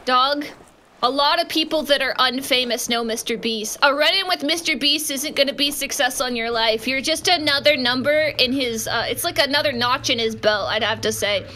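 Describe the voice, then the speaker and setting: A woman streaming a game live, chatting with viewers in an animated, jokey way with sudden yelps. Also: high-pitched, normal speed. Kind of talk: live gaming stream chat. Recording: noisy background.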